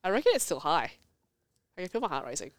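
A woman's voice: on the low side, big pitch swings, fast talker, no echo, clean studio sound. A woman in her thirties, a podcast guest chatting casually and telling stories with laughter and expression. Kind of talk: casual chat.

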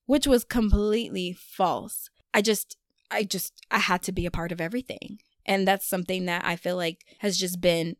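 A young adult woman vlogging in a casual confessional chat, animated and self-deprecating, and laughing often at herself. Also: lowish voice, moderate pace, no echo, clean studio sound.

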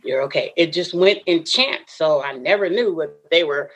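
Woman, low pitch, interview guest, earnest personal storytelling, emotional. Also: moderate pace, breathy edge. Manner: earnest, emotional, often voices what others said.

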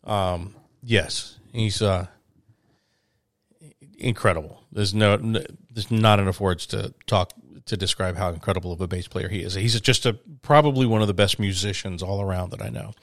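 A man's voice: low voice, fairly even intonation, normal speed, no room sound, clean studio sound. A man telling a story in casual chat, rambling with fillers and restarts.

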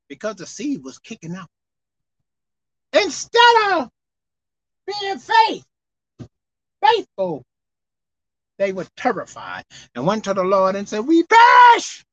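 A woman preacher delivering a televised sermon with a high, bright voice. She swings from loud exclaiming to low murmuring, her pitch leaping all over. The sound is dry and close. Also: wildly swooping pitch, takes it slowly, long pauses, dry recording, dull audio.

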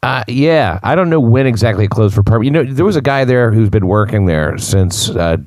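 A male stand-up comedian guest in a casual chat, talking in a laid-back, halting, dry way. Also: mid-range voice, animated, a little mellow, no echo. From United States.

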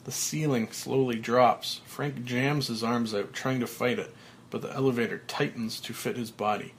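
Guy reading a movie script out loud, slow and steady, plain mid voice. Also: medium pitch, slight background noise. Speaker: script reader. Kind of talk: reading a film script aloud.

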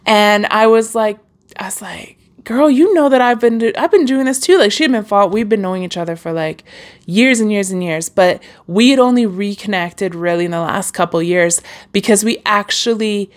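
A woman's voice: mid-range voice, moderate pace. A young woman hosting her own podcast, talking casually and encouragingly into a microphone with lots of fillers and restarts. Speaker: podcast host. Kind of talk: casual solo podcast monologue.

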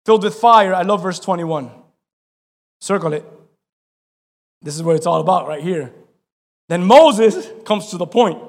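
A man preaching a sermon, reading scripture and acting out its voices with lively shouts and laughter. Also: high voice, a little slow, pauses often. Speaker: pastor. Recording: long hall reverb.

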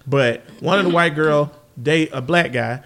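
A man's voice: on the high side, measured pace, fairly bright tone. A man hosting a podcast, talking in loose, joking banter and laughing often. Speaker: podcast host.

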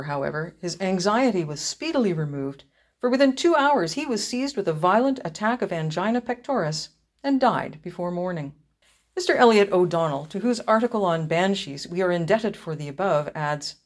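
Woman reading an eerie ghost tale. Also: fairly low pitch. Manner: measured, expressive storytelling. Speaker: reader. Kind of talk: reading a ghost story aloud.

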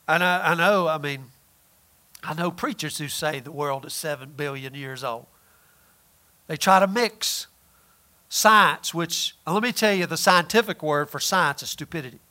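Man, preacher, sermon, high voice, folksy, emphatic, loud-then-quiet delivery.

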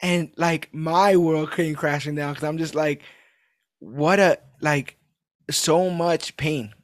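A man hosting a casual chat, talking in a rambling, animated way and swearing casually. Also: fairly high pitch, slow pace, no echo, clean studio sound.

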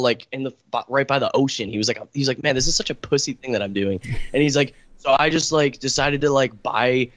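A man's voice: mid-range voice, fast, hardly any pauses, a bit bright, no room sound, low-quality recording. A young man telling a long story in casual chat, rambling, with lots of filler words.

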